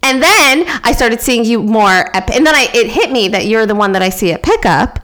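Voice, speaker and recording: A woman co-hosts a casual podcast chat. She is an animated storyteller who slips into what everyone said, with a fairly high voice that leaps all over the place. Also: moderate pace. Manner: animated storyteller, acts out quoted lines. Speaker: podcast co-host.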